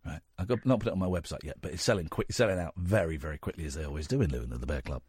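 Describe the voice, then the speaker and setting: A man's voice: very deep voice, lively intonation, rapid-fire, a little mellow, husky, dry recording, clean studio sound. A middle-aged man hosting a late-night radio chat show, teasing his co-hosts with mock-angry outbursts. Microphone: studio mic.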